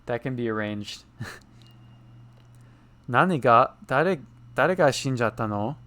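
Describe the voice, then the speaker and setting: A man's voice: mid-range voice, slow pace, pauses often, fairly bright tone. A man live-streaming a game, reading its lines aloud in two languages and translating them in a casual, amused chat.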